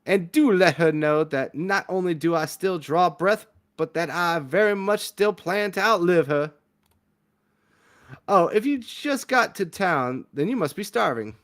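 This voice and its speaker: A man's voice: high voice, animated, a little slow, a bit bright, voice pushed up. A man voicing a wry, frank young woman from a small town, talking in a confiding way. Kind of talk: reading a visual novel aloud with voices.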